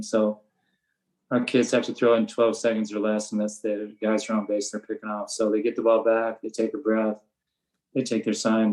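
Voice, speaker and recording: An older man from the USA, a veteran high school baseball coach with a voice on the low side, describes his practice methods in a relaxed, flat, matter-of-fact interview. At times he acts out the blunt lines he uses with his players, over poor audio.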